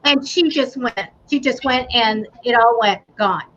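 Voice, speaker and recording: A woman's voice: fairly high pitch, a little slow. A woman in casual chat, telling a ghost story with animation and acting out what she said. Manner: animated storytelling, acting out her own quotes. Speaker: paranormal talk show panelist. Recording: dull lo-fi livestream audio with faint noise.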